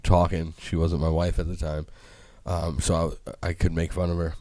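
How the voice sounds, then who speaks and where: A deep-voiced man co-hosts a podcast, telling stories in casual chat and animatedly acting out quotes. He speaks at a moderate pace, with no echo on the recording.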